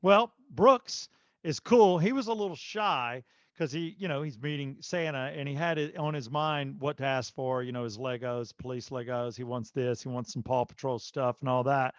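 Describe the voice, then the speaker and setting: A man hosting a podcast, telling a long story in a casual, animated way with lots of fillers. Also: medium pitch, normal speed, no room sound, highs cut off. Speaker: podcast host.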